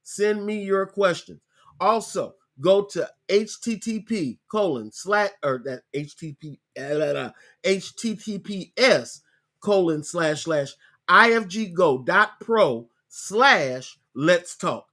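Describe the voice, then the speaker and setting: A man with a slightly raised pitch hosts his podcast from a computer, talking viewers step by step through a screen-share tutorial. He is chatty and casual, repeats key points, and slows down to spell things out. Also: expressive, sharp tone. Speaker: podcast host.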